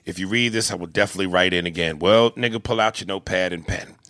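A man's voice: deep voice, quick pace, fairly bright tone, dry recording, clean studio sound. A man co-hosting a casual comedy podcast, reading listener emails, swearing freely and slipping into silly voices. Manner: swears freely, slips into silly put-on voices and sung bits.

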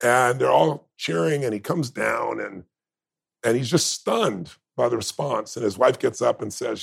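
A man speaks a little slowly yet animatedly, medium-pitched with vocal fry and breathiness. He's a podcast guest telling stories in conversation, intense, heartfelt and emphatic.

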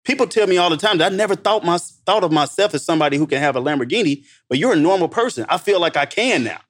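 A man from Missouri telling stories in a casual podcast chat, emphatic and animated, acting out the dialogue. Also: high voice, fast. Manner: animated, emphatic storyteller who acts out dialogue. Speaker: guest entrepreneur.

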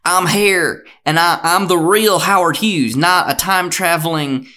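A man doing a pompous, loud tycoon impostor. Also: a little high, a little slow, voice pushed up. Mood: insistent. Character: actor insisting he is a rich tycoon, pompous.

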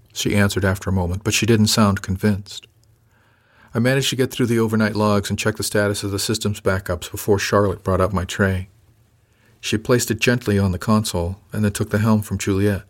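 A man narrates a first-person audiobook in an even, matter-of-fact manner. His voice sits on the low side. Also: normal speed.

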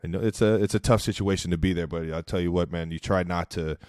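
A man's voice: deep voice, fairly even intonation, fast, darkish tone, no room sound, studio quality. A man from Ohio co-hosting a podcast in a laid-back, casual way. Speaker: podcast co-host. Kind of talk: casual chat.

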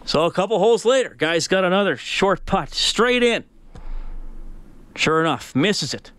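A man's voice: high-pitched, animated, normal speed, a bit bright, clean tone. A man hosting a sports radio show, talking casually and telling stories with plenty of fillers. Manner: casual, storytelling, many fillers.

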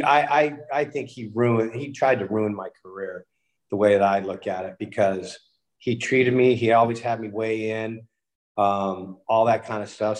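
Animated man telling baseball stories. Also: on the low side. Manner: animated storyteller, acts out quotes, laughs often. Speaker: guest, former baseball pitcher. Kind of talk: casual storytelling interview.

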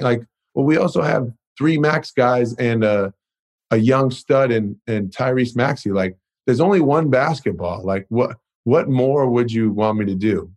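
A young man speaking at medium pitch and moderate pace appears as a podcast guest; he's a professional basketball player. The casual interview is profane and loose, heavy on "you know" and "like."

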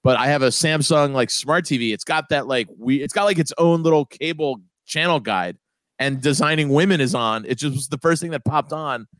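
A man's voice: fairly high pitch, a little fast, fairly bright tone, no room sound. A man co-hosting a podcast, telling stories in a rambling, casual way. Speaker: podcast co-host. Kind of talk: casual chat.

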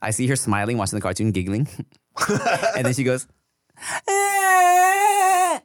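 A man's voice: on the low side, quick pace, no echo, studio quality. A man in his thirties, a podcast co-host, telling a story in casual, profane chat and laughing often. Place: podcast studio.

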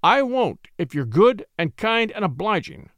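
A man voicing a clever young lawyer who speaks in a stern, measured, confident way. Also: high-pitched, sing-song, dry recording.

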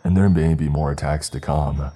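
A man's voice: rumbling low, steady tone, normal speed, dark tone, soft background music. A man voicing a sinister stranger at the door who coaxes the others in with a smile. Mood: coaxing. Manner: smooth, coaxing.

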